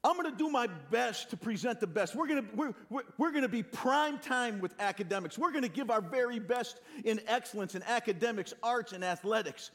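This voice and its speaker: A man in his sixties with a Northeastern US accent, preaching a sermon with animated, self-deprecating stories and frequent restarts. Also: very high voice, brisk, hardly any pauses. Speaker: pastor.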